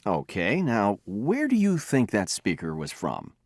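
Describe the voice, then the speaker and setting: A man lectures on language in an explanatory manner, saying sample words to show differences. His low voice swings very widely in pitch, and the recording is dry and close. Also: wildly swooping pitch, a little slow, dry recording. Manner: explanatory, demonstrates sounds by example.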